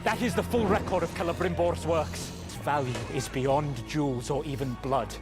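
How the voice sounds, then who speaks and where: A grave elf lord speaks in a solemn, pleading tone. His voice sits a little high for a man. Score music swells clearly behind him in this film clip. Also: moderate pace.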